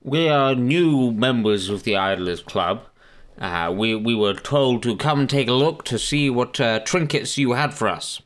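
A man playing in a tabletop game who speaks in character. His voice is mid-pitched and his delivery is dry and understated. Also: unhurried, a bit bright. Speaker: player. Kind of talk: casual in-character chat.

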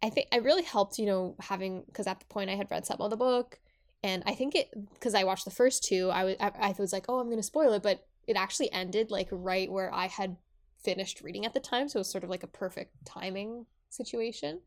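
A woman's voice: medium pitch, fairly quick. Chatty young woman, lots of fillers. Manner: chatty, many fillers and restarts. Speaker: podcast co-host. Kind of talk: casual chat about a book and its series.

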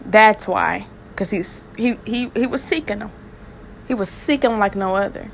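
A woman's voice: medium pitch, unhurried, gravelly, slight background noise. A woman hosting a podcast, preaching and praying fervently, repeating phrases with emotion. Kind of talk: impassioned spoken sermon and prayer.

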